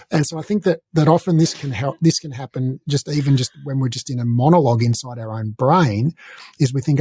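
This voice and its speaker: A man's voice: medium pitch, fairly quick, mellow, husky, no room sound. A man co-hosting a podcast, talking casually and rambling with lots of fillers. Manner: rambling, chatty, frequent fillers. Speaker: podcast co-host. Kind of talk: casual conversation.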